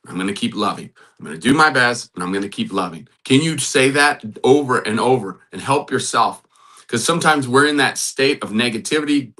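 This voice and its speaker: A man hosting a faith-based talk, urging love and repeating affirmations in a soft, earnest way. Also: mid-range voice. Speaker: host and matchmaker.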